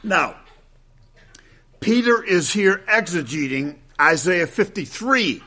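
A man preaching an expository sermon, quoting scripture at length in a measured cadence and slowing to stress key phrases. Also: fairly high pitch, lively intonation, sharp tone. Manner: deliberate, emphatic, with slowed stresses on key phrases.

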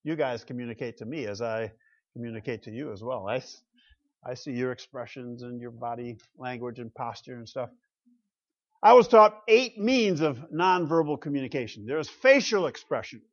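A man's voice: mid-range voice, animated, moderate pace, highs cut off. A man preaching a sermon from the pulpit as pastor, talking conversationally and asking the congregation rhetorical questions. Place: church pulpit.

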